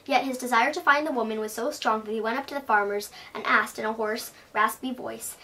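A woman reading a children's story aloud at a bookstore with an expressive read-aloud delivery. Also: fairly high pitch, brisk, few pauses. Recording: voice from a distance.

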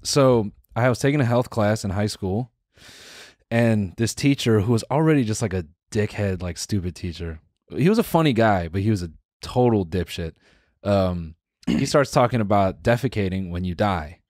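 A man's voice: on the low side, lively intonation, normal speed, darkish tone, no echo, studio quality. A man co-hosting a podcast who tells stories in a slangy, profane, casual way. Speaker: podcast co-host. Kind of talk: casual chat.

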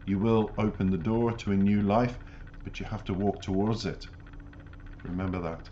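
A man's voice: lowish voice, steady tone, normal speed, mellow. A man hosting a music reaction channel, giving reflective commentary and earnest, emphatic life advice. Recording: dull lo-fi audio with faint noise.

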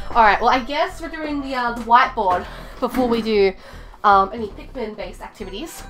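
A woman's voice: fairly high pitch, fairly quick, over music. A woman live-streaming from home, chatting casually and rambling with many fillers and restarts. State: out of breath.

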